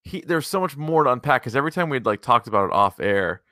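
A man hosting a podcast, chatting casually in an upbeat way with quick asides. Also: mid-range voice, lively intonation, pushed and bright, no room sound, studio quality. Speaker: podcast host.

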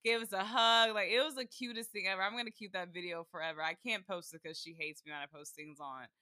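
A woman's voice: mid-range voice, quick pace, no echo, studio quality. A young woman in her twenties chatting casually as co-host, telling stories with acted-out quotes. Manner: animated storyteller who acts out quotes. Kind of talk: casual chat.

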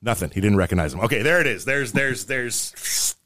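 A man's voice: mid-range voice, expressive, brisk, fairly bright tone, no echo, studio quality. A middle-aged man co-hosting a podcast, rambling and poking fun at himself as he tells dad jokes. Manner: rambling, self-mocking joke teller. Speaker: podcast co-host. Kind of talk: casual podcast chat, telling dad jokes.

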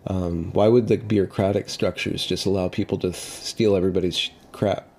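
Dark-voiced joking man. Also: deep voice, fairly even intonation, fairly quick, a little hiss or hum. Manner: playful, joking, trails off and restarts. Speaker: guest. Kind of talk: casual livestream chat. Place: kitchen table at home.

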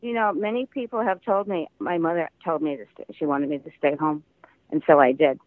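A man's voice: a little high, fairly even intonation, fairly quick, no echo. An older man, an actor from the American Midwest, chatting as a guest in a phone interview and telling stories with frequent laughter. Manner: chatty storyteller, laughs often. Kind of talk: casual interview over the phone. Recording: tinny phone line, dry.

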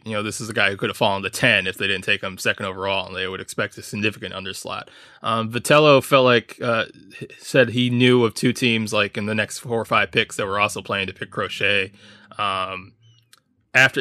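A man talking as a guest reporter on a sports podcast, giving measured analysis with frequent ums and uhs. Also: lowish voice, pushed and bright, no room sound, studio quality. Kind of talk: casual sports chat.

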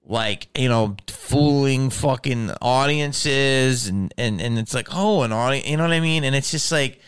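A man's voice: mid-range voice, measured pace, clear, resonant tone. A man ranting in a casual, profane chat, often restarting his sentences as a podcast host.

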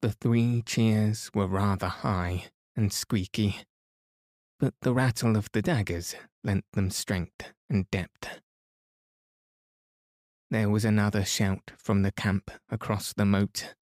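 A man calmly reading a children's book aloud as a bedtime story for sleep. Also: fairly low pitch, no room sound, studio quality. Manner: calm, soothing. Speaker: podcast reader.

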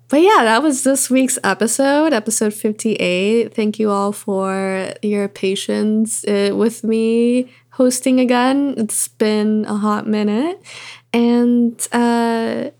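A woman's voice: a little high, fairly even intonation, slow, darkish tone. A woman hosting a podcast, signing off in a laid-back, rambling way with many fillers. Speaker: podcast host. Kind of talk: casual podcast chat.

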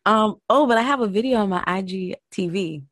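A woman's voice: medium pitch, a little fast, a bit bright, dry recording, clean studio sound. A woman from Florida, a podcast host, chatting casually as a guest and telling stories with a laugh.

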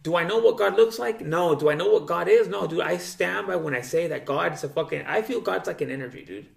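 A man hosts a casual podcast chat, loose and profane, constantly saying "dude." His voice is on the high side, brisk and creaky, and the recording has a roomy echo.

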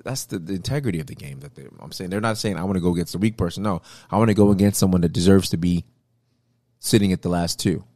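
A man in casual chat, telling a story with lively acted-out quotes and lots of repeated words. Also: low voice, fast talker, no room sound, studio quality. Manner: animated storytelling, acts out quotes; repeats words, frequent fillers.

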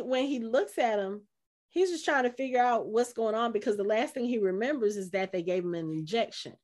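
A woman co-hosting a podcast, recapping an episode in casual chat and acting out the characters' lines. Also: medium pitch. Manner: animated, acts out character quotes. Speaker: podcast co-host.

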